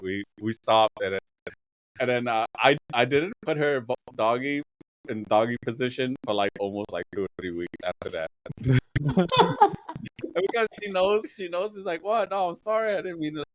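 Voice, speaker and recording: A man's voice: mid-range voice, expressive, normal speed, rough recording. A man on a podcast, telling rambling, raunchy stories in casual chat and laughing often mid-sentence. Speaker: podcast host.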